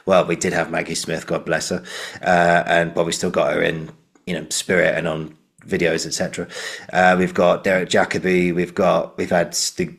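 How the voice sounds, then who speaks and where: A man's voice: low-pitched, little pitch movement, normal speed, creaky. A British man hosting a podcast, chatting and rambling with enthusiasm while he interviews a guest. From Britain. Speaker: podcast host. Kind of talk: conversational interview.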